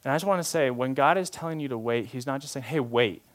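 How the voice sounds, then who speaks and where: A man preaching a sermon as pastor, talking in a relaxed, informal way and shifting between soft, slow passages and louder, emphatic ones. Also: mid-range voice. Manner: informal, often uses "like" and restarts.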